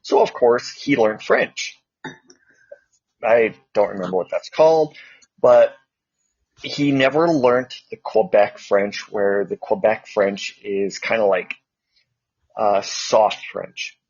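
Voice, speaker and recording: Slow, husky-voiced rambling man. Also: on the low side, a little mellow, no room sound, muffled recording. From Canada. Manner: rambling storyteller, full of fillers. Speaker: co-host. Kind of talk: casual chat.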